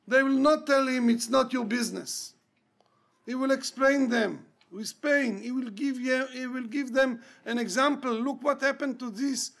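A man's voice: very high voice, creaky, a bit bright. A man, a rabbi, preaching an impassioned storytelling sermon and repeating key words for emphasis.

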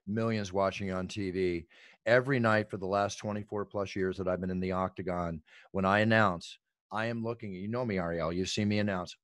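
A middle-aged man telling stories in an animated, emphatic way as an interview guest. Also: lowish voice, no room sound. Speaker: ring announcer and guest. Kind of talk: energetic interview talk.

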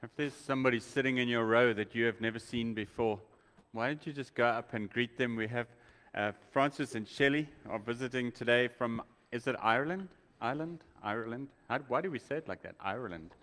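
Man, pastor, chatty and welcoming, mid pitch, long hall reverb. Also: fairly even intonation, a little fast, fairly bright tone. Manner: chatty, welcoming, restarts sentences often. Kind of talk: casual church announcements and sermon. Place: church sanctuary.

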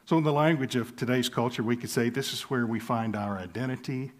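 A man delivers a sermon as pastor. His voice sits in a middle pitch, and he speaks earnestly and deliberately, slowing down on key phrases and chuckling softly now and then. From southern United States. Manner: earnest, measured, slowing for emphasis, with light chuckles.

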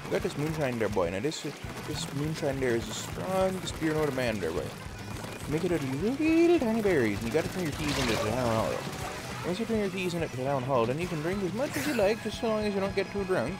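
A man's voice: on the high side, very animated, fast talker, pitched above the performer's own voice. A man putting on a rowdy Newfoundland fellow. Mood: hearty. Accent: Newfoundland, exaggerated. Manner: hearty, folksy, fond of "there, boy". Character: boisterous Newfoundland fisherman type, man. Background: game music.

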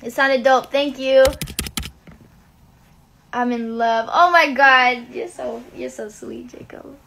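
A woman's voice: high voice, slow pace, creaky, slight background noise. A young woman hosting a casual livestream, chatting to viewers, reading out their comments and answering them. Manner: chatty and relaxed between songs, singing to ukulele. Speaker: livestream host and singer. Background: her own ukulele playing.

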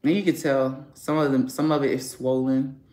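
A man's voice: medium pitch, little pitch movement, moderate pace, darkish tone. A man vlogging at home, venting angrily in a profane, rambling rant from his garage. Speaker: family vlogger. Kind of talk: casual vlog rant. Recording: echoey garage room.

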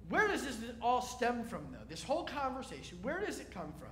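A man's voice: very high-pitched, wildly swooping pitch, a little fast, fairly bright tone, echoey room. A man preaching a sermon as a rabbi, speaking in a conversational, wry way and asking his listeners questions.

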